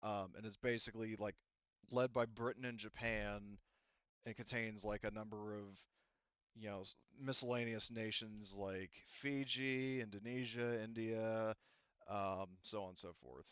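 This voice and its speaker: Chatty low-voiced game master. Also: male voice, steady tone, unhurried, a bit bright, clean tone, no echo, lo-fi sound. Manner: loose, filler-heavy explaining. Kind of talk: explaining game lore.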